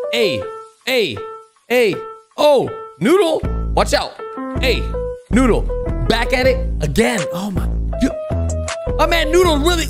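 A young man hosting a reaction video, excitable and loud, often laughing and shouting as he comments. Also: high voice, measured pace. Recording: music playing underneath.

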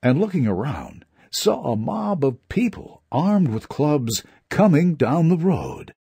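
A man narrating fables for children in a measured, expressive storytelling voice. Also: on the high side, vocal fry.

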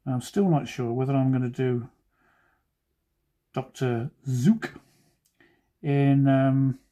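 A man's voice: medium pitch, steady tone, takes it slowly, dark tone. A man who is a cartoonist, talking casually while he draws and making joking, self-deprecating asides. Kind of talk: chatty drawing commentary.

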